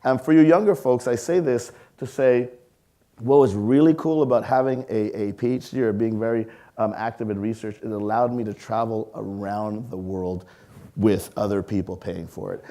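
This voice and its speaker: A man in his forties giving a public science lecture, telling lively personal stories and asking the audience questions. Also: on the low side, moderate pace. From Canada. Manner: lively storyteller, acts out voices, engages audience with questions. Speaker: science museum leader giving a public talk.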